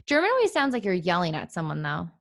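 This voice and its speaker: A woman hosting a podcast in a casual chat. She talks playfully, laughs often and thinks out loud. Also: on the low side, wildly swooping pitch, fast. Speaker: podcast host.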